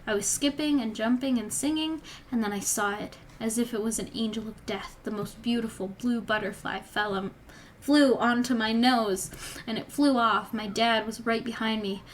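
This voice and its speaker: Young woman vlogger, slightly high voice, reads her own old story aloud with dry, chatty side comments over faint background noise. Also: steady tone, normal speed. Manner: wry, chatty asides. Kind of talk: reading aloud with casual commentary.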